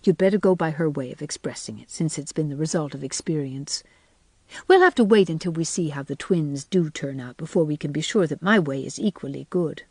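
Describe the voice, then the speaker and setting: A woman's voice: low-pitched, a little fast, breathy edge, no echo. A woman reading as an earnest young teacher. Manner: earnest, warm, gently solemn.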